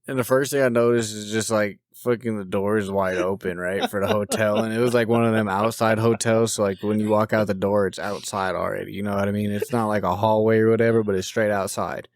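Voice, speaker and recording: A man on a podcast spinning a long, rambling story, swearing freely as he goes. His voice sits on the low side, and the sound is dry and close with no room around it. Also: steady tone, fairly quick, few pauses, no echo. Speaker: podcast co-host. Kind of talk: casual podcast chat.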